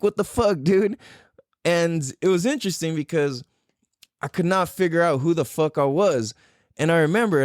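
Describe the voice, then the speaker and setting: A man hosts a podcast and tells a personal story in loose, casual speech, with plenty of "like," "dude" and swearing. His pitch rises and falls a lot as he acts out his own past reactions. The recording is dry and close. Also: darkish tone, no room sound. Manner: loose and profane, full of "like" and "dude". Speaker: podcast host.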